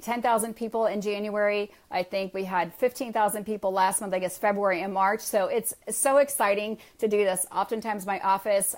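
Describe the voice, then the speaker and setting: A woman wellness coach talking quickly and eagerly on a live stream, answering viewer comments. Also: mid-range voice. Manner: fast-talking, enthusiastic.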